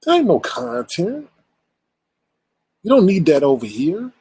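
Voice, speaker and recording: Casting note: adult male commentary host, AAVE speech, husky slightly high voice, dry close recording, blunt exasperated ranting delivery. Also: wildly swooping pitch, measured pace, darkish tone, dry recording, poor audio. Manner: blunt, exasperated, rhetorical, profane.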